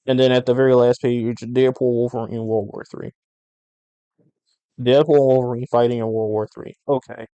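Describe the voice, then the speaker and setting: A man hosting a podcast, chatting casually and profanely in slangy, animated rants. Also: medium pitch, moderate pace, smooth, dry recording, highs cut off. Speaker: podcast host. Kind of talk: casual comic book review podcast.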